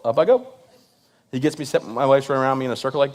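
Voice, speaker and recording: A man's voice: medium pitch, fairly even intonation, fast talker. Jokey man telling stories on stage. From Michigan. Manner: self-deprecating, jokey, many "right?" asides. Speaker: guest speaker. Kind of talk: humorous storytelling speech. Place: live event stage.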